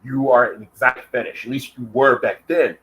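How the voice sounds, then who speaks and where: A man's voice: medium pitch, steady tone, normal speed, a bit bright, low-quality recording. An American man delivering an angry, profane vlog rant, taunting and calling out his target directly. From United States. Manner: profane and confrontational. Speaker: vlogger.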